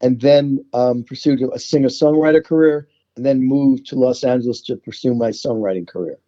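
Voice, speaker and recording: Older man, New York accent, chatty storyteller, very dark tone, slightly muffled sound. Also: mid-range voice, normal speed. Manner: chatty storyteller, repeats words when starting. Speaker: songwriter guest. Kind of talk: interview conversation.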